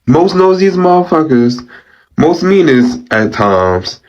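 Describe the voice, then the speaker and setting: A man's voice: on the high side, big pitch swings, slow pace. A man in his twenties rants brashly and swears freely, talking straight to camera. The audio is dull and lo-fi. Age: 20s. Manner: brash, profane. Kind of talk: casual rant to camera.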